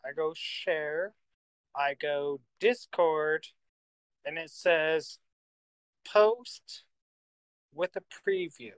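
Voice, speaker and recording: A man's voice: on the high side, drawn-out words, long pauses, clear, resonant tone, dry recording, poor audio. A man hosting a casual livestream, joking and swearing while he fumbles with a computer. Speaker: host.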